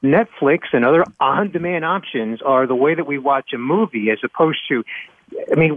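A man speaking as a panelist on a radio talk show, animated and emphatic and often repeating a word as he explains. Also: fairly high pitch, moderate pace, no echo. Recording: dry tinny phone line.

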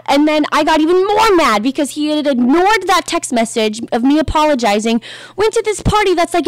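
A young woman casually telling a personal story on a podcast, animated and full of "like", acting out what people said. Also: high voice, dry recording. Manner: animated, acts out quoted voices, frequent "like".

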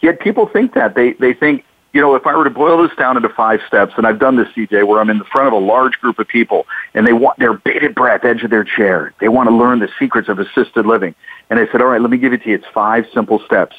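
A man's voice: mid-range voice, fast talker, no room sound. A man co-hosting a talk radio show, recounting anecdotes and slipping into the voices of the people he quotes. The sound is thin and phone-like, with a very dry, close feel and no room around it. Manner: storytelling, acts out callers' lines. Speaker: co-host.

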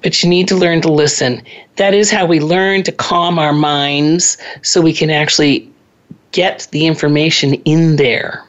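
Casting: low-pitched woman, family counselor, earnest advice-giving, slightly dull lo-fi recording. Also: fairly even intonation, a little slow. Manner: earnest, advising, with occasional throat clearing. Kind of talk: radio advice talk.

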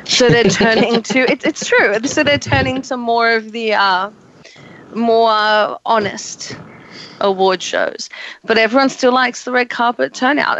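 A woman hosting an entertainment talk show, her voice croaky and hoarse from the flu, talking in a sardonic, opinionated way. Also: on the high side, fairly bright tone, highs cut off, slight background noise. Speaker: host. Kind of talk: casual chat.

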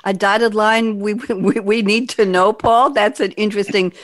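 A woman's voice: mid-range voice, fairly even intonation, normal speed, dry recording, clean studio sound. A woman hosting a live online panel, bubbly and chatty, asking questions and reading quotes aloud. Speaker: panel host.

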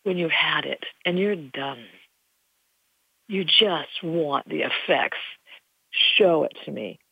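A woman's voice: low-pitched, lively intonation, takes it slowly, creaky, breathy edge, dry recording. An older woman, a spiritual teacher, talking in an earnest, folksy, rambling way. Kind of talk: casual spiritual monologue. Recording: dull lo-fi recording.

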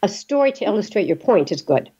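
A woman's voice: mid-range voice, sing-song, fast, a crowd in the background. A woman hosting an interview, chatty and telling stories to make a point. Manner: chatty storyteller. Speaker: podcast host. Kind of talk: interview talk. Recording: dull lo-fi sound.

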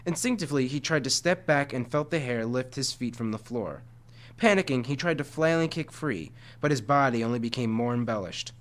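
A man's voice: mid-range voice, fairly quick. Man reading a storybook aloud. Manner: frequent stumbles and self-corrections. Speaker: reader reading a chapter book aloud to listeners.

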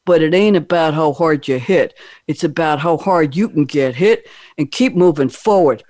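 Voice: medium pitch, moderate pace, darkish tone, no room sound, natural voice. A podcast host doing a self-conscious impression of a tough aging male boxer, reading a famous movie line in a put-on street accent. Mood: gritty. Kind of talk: quoted movie line read aloud.

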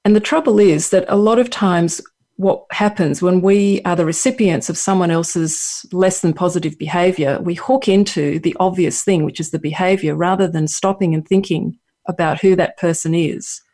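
A guest author with an Australian accent, answering interview questions in a reflective way with many pauses and restarts. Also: medium pitch, darkish tone.

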